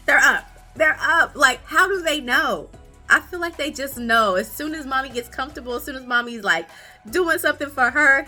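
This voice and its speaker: A young woman, hosting a podcast about her toddlers, chatting casually and laughing often. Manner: animated, laughing, high playful voices when quoting her kids. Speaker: podcast host, mother of twin toddlers. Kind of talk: casual storytelling chat.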